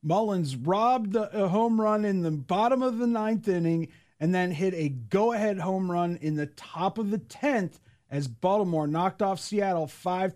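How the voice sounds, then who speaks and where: A man's voice: high-pitched, darkish tone. A man producing and co-hosting a sports show, reading recaps and bantering. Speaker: producer and co-host. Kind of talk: casual sports segment hosting.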